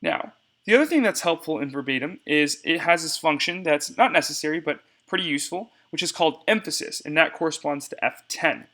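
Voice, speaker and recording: A man's voice: on the high side, expressive, a little fast, pushed and bright. A young man giving a casual step-by-step screencast tutorial on cutting debate cards, talking to viewers as y'all.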